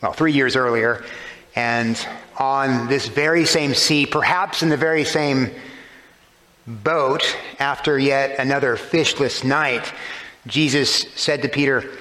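His mid-range voice is pushed and bright, his delivery unhurried, as he preaches and explains scripture using rhetorical questions and shifting emphasis. The sound has a long hall reverb.

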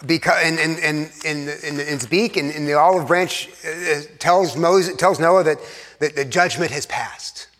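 A man, an Anglican pastor, preaching an earnest sermon in a church, sometimes dropping to hushed tones for emphasis. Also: fairly high pitch, unhurried. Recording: long reverb of a church hall.

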